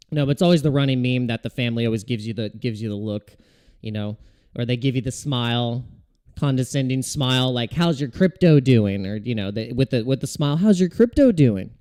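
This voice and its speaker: A man hosts a casual livestream, talking to his viewers in a loose, rambling way and chuckling often. His voice sits a little high, with a soft, mellow tone. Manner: relaxed and rambling, with frequent chuckles. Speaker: crypto livestream host.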